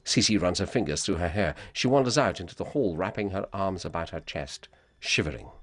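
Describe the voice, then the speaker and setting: A man reading calm, measured audio description over a film. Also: sits low, breathy edge. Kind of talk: scripted narration.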